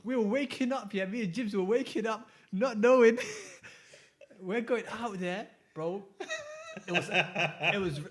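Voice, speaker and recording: A young man with an animated, slangy manner, telling stories in a casual chat and often laughing. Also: sits high, takes it slowly. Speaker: podcast co-host.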